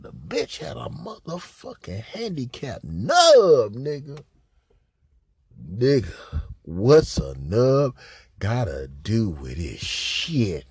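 A man hosting a podcast, telling a crude comic story in a loud, profane, repetitive way. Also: very deep voice, breathy edge, no room sound, studio quality. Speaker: podcast host.

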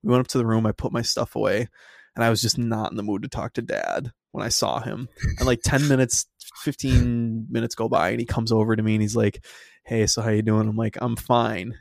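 A young man tells a story in an exasperated, casual way, swearing and laughing as he goes. His voice has a gravelly, fried edge. The sound is close and dry. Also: medium pitch, dry recording. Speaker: podcast co-host.

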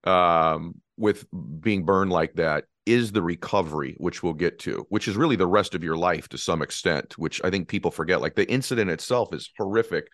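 A man's voice: sits low, moderate pace, hardly any pauses, fairly bright tone, dry recording, clean studio sound. A man hosting an interview, responsive with frequent affirming murmurs and openly moved by the story. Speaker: podcast host. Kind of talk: interview conversation.

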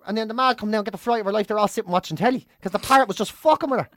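A podcaster, cursing casually and telling lively stories. The voice sits in a middling range. It is recorded close and dry. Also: mid-range voice, rapid-fire, dry recording. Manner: swears freely, tells animated stories. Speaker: podcast co-host. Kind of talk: casual chat and anecdote.

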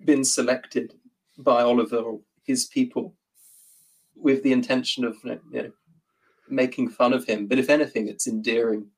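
A British man chatting as a guest, with dry, measured remarks. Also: mid-range voice, steady tone, slightly rough, low-quality recording. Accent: British English. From Britain. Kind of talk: casual reaction chat.

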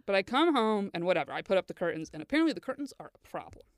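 Woman podcast host, quick animated storyteller with lots of cursing, dry close sound. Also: medium pitch, no echo. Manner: animated, swears freely. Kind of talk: casual chat, storytelling.

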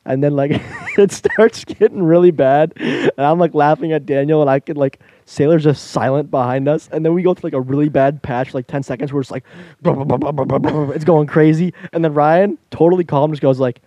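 A man's voice: on the high side, fairly quick, few pauses, mellow, dry recording. A man casually telling a long travel story on a podcast, laughing as he goes and acting out the voices of the people in it.

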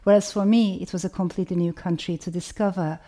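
Author, woman, Turkish accent, warm mellow tone, measured and reflective, stacks ideas in long lists. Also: lowish voice, fairly even intonation. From Turkey. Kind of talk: reflective talk with a reading.

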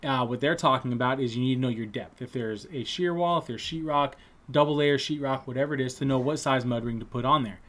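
Male storyteller, mid pitch, casual and profane, animated delivery that plays out other people's lines. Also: quick pace. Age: adult trade-school student.

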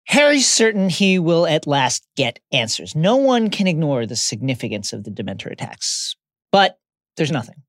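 Lively man recapping a story. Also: on the high side, moderate pace, hardly any pauses, dry recording, studio quality. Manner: dramatic, lively retelling with acted quotes. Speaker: podcast co-host. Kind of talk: podcast book recap, read from a script.

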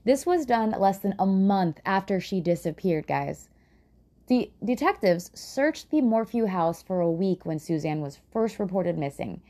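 A woman tells a true crime story in a loose, chatty way, with sarcastic asides and frequent swearing. Her pitch swings widely as she reacts to the details. The tone stays mellow and warm. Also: animated, measured pace. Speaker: true crime podcast host.

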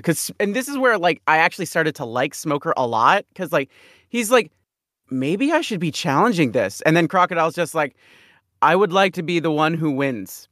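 A man co-hosting a casual podcast chat, lively and laughing, acting out quotes. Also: high-pitched, moderate pace, no room sound, clean studio sound. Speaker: podcast co-host.

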